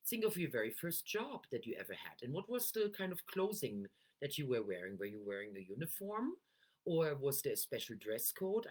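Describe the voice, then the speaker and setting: A middle-aged woman, an NLP coach, talking to camera and shifting her voice tone for emphasis. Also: rumbling low.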